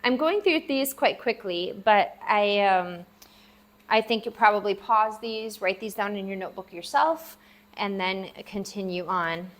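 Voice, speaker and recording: A woman gives a relaxed vocabulary lesson at an unhurried pace. She sounds out each syllable again and again, stressing it for the learner. Her pitch sits in a middling range. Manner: slow, patient, sounds out syllables repeatedly. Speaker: language teacher. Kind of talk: casual spoken lesson. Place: at a table, writing for the viewer.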